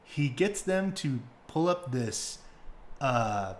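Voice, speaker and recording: A young male podcast host with a mid-range voice speaks at a slow pace. He retells stories in casual, excitable chat packed with fillers and swearing.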